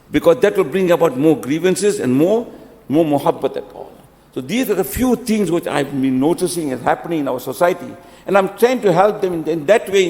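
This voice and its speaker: A man's voice: on the high side, a little mellow. A man giving a wedding sermon with anecdotes and a closing prayer, exhorting and repeating his key phrases, mixing in Urdu and Arabic words. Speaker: speaker giving a talk at a nikah ceremony. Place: mosque hall. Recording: long mosque reverb.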